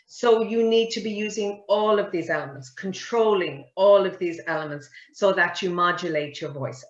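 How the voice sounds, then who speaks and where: A woman, a communication coach giving a lively webinar lesson and quizzing her audience. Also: lowish voice. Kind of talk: webinar teaching. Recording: roomy, dull webinar audio.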